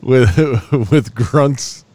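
A man co-hosting a podcast, speaking bluntly with frequent swearing and halting restarts. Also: mid-range voice, a little mellow, no room sound. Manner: blunt and profane, talks in restarts. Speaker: podcast co-host. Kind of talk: casual podcast banter.

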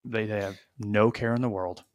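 A young adult man casually telling funny stories on a podcast, animated and profane, with frequent restarts. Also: on the low side, moderate pace. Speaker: podcast co-host. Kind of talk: casual storytelling chat.

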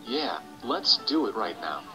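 A man's voice: fairly low pitch, big pitch swings, measured pace, over loud music, low-quality recording. A male text-to-speech voice playing a stern cartoon doll who scolds and threatens. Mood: scolding.

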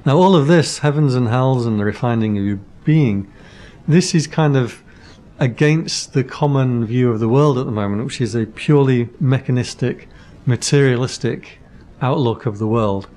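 A man speaks as a monk guest on a podcast, his voice sitting at an ordinary middle pitch. He lays out ideas patiently with simple analogies and slips in dry jokes. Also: normal speed, warm tone. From Britain. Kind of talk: casual podcast conversation.

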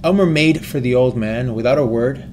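A man reading a story aloud in a steady way, with small slips and restarts. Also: mid-range voice, moderate pace, slight background noise.

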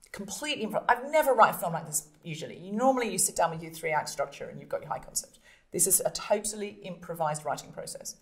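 A woman comedian and podcast host telling stories in an interview, animated and acting out scenes with voices. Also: lowish voice. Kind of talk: storytelling interview.

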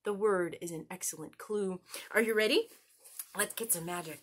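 A woman hosting a children's story time, teaching letter sounds and singing nursery songs in an animated, sing-song way, talking straight to the kids. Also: medium pitch, moderate pace, husky.

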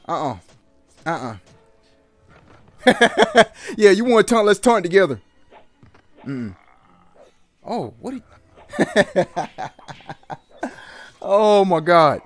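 A man giving excited, trash-talking commentary while playing a fighting game, yelping and laughing often. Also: high voice, extremely slow, long pauses, soft background music. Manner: animated, yelps and laughs, trash-talks the opponent. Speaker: gaming channel host.

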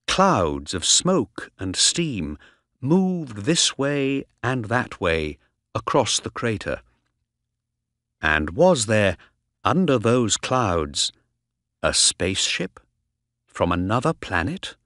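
A man narrating a graded reader story aloud, slow, deliberate and expressive. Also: lowish voice, no echo, studio quality. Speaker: audiobook narrator.

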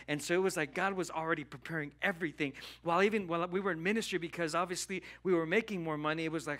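A man pastor delivering a sermon in a church, telling a personal story and acting out conversations with God in an animated way. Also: fairly high pitch, fast talker, few pauses. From Southern California. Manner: animated, acts out dialogue with God. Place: church hall.

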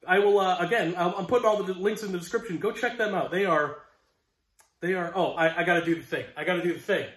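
A young man with a high voice talks loosely through an unboxing, rambling and poking fun at himself as he goes. His chatter bounces around a roomy, echoey space. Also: quick pace, a bit bright. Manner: rambling, self-deprecating, with frequent restarts. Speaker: collectibles vlogger. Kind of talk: casual unboxing chat.

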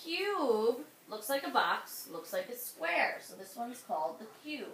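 A woman's voice: on the high side, very animated, unhurried, fairly bright tone, far from the mic. A woman teaching a second grade class, quizzing the children by name and praising them patiently. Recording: echoey classroom, voice off-mic.

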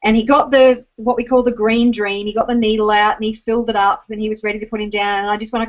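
A woman's voice: fairly high pitch, steady tone, fast, hardly any pauses, highs cut off. An Australian woman telling a personal story to an online audience, emotional and teary, with frequent ums and restarts. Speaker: speaker addressing an online audience. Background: rain.

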